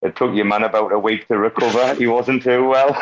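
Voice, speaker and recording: A man from hosts a casual online audio room. He keeps up loud, joking banter. His voice sits at an ordinary pitch, and the call audio sounds dull and lo-fi. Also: sing-song, measured pace, slight background noise. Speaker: host.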